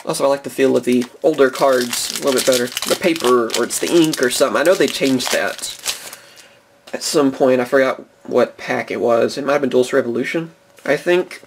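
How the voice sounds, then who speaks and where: A man's voice: mid-range voice, a little fast, slight background noise. Young adult male, casual card-opening host, enthusiastic and rambling, laughs a lot. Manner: chatty and enthusiastic, chuckles often. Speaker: card-collecting video host. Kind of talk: casual box-opening commentary.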